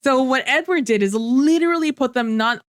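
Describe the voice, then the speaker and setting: A woman's voice: high voice, fairly quick, clean tone, no echo, studio quality. A young woman co-hosting a podcast, talking through a book in a loose, chatty way with lots of fillers. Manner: chatty, many fillers, mock-quotes characters. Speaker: podcast co-host. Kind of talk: casual book-club chat.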